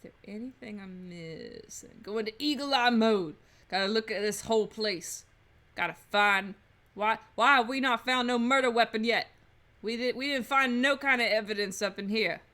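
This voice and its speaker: A woman's voice: a little high, normal speed, sharp tone. A woman giving joking, playful commentary while playing a video game. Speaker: let's play host. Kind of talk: casual gameplay commentary.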